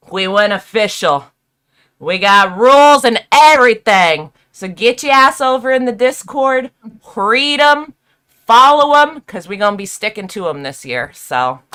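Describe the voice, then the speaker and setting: A woman's voice: on the high side, a bit bright. A woman hosting a casual live stream, upbeat and slangy, laughing often. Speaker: stream host.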